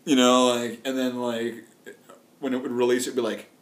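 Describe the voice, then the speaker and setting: A man's voice: medium pitch, little pitch movement, moderate pace. Rambling man riffing crude jokes. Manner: meandering, restarts often, riffs on silly wordplay. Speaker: vlogger.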